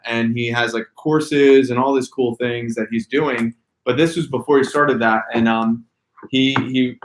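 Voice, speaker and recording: A man running a sales training workshop. He talks in a casual, animated way and stresses single words to show how emphasis changes meaning. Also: mid-range voice, a little hiss or hum. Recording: echoey room.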